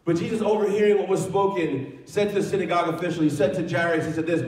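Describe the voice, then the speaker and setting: High-voiced preaching man in an echoey hall. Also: steady tone, quick pace, darkish tone. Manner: earnest preaching with repeated phrases and restarts. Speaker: pastor. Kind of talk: sermon. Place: church sanctuary. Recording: echoey church hall, mic at a distance.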